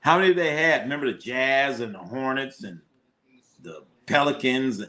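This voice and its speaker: Animated man hosting a sports watch party. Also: medium pitch. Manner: loose, animated, swearing, quick to laugh. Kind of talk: casual live sports commentary.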